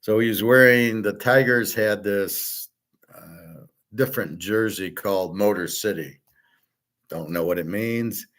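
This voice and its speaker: A man hosts his own show with a blunt, opinionated, rambling monologue full of fillers and restarts, mimicking others in quoted asides. He speaks slowly in a fairly low, somewhat bright voice.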